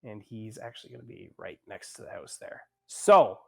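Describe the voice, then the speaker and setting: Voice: mid-range voice, big pitch swings, normal speed, vocal fry, a little mellow. A game master narrating a tabletop game in a casual, rambling way, full of fillers and self-corrections.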